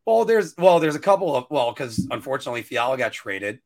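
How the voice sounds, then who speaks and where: A man co-hosting a casual podcast chat, rambling and restarting his sentences, now and then jumping up into a high-pitched whine. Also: fairly quick. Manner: rambling, self-interrupting, animated with sudden high-pitched whining bursts. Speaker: podcast co-host.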